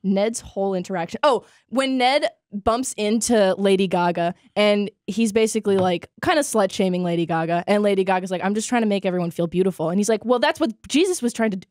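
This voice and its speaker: Young woman podcast host, laughs a lot, mid-pitched, dry mic. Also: a little fast, hardly any pauses, darkish tone, no echo. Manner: giggly, quotes lines in put-on voices. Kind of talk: casual chat.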